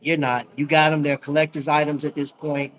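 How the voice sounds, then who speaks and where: A man's voice: fairly high pitch, level tone, brisk, a bit bright, low-quality recording. An American man hosting a casual live chat from a busy restaurant, joking and slangy, talking into a phone. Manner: slangy, joking, calls viewers bro. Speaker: livestream host.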